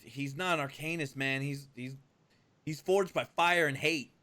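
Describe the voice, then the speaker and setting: A man's voice: fairly high pitch, unhurried, sharp tone. A man playing a tabletop role-play game, talking in a casual, profane way. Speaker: player.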